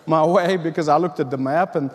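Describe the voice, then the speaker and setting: High-voiced preacher in a big hall. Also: male voice, brisk. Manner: storytelling, emphatic, repetitive build-ups. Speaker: pastor. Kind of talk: sermon.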